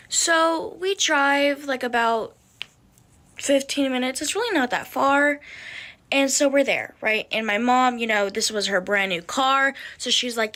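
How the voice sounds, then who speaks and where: A woman's voice: sits high, unhurried, bright, forceful tone. A young woman calling in, telling a rambling, swear-filled story in a casual way. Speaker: caller.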